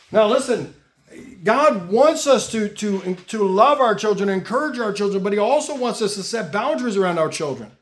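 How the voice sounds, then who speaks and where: A middle-aged pastor with a notably high-pitched voice delivers a sermon. He reads scripture aloud and presses his points with emphatic rises in his voice.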